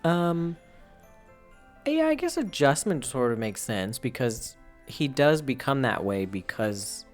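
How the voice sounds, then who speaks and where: A man's voice: mid-range voice, sing-song, measured pace, faint music behind. A man co-hosting a podcast as a therapist in casual chat, dry and sarcastic.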